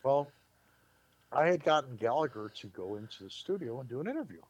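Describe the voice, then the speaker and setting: A man, a publicist, telling show-business stories in a lively, casual way on a podcast and acting out what people said. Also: medium pitch, brisk, slightly rough, lo-fi sound. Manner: lively anecdote-teller, acts out quotes.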